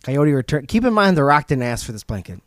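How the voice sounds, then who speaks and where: A man's voice: mid-range voice, sing-song, fast talker, no echo, studio quality. A man hosting a casual storytelling podcast, retelling a legend in a loose, joking way.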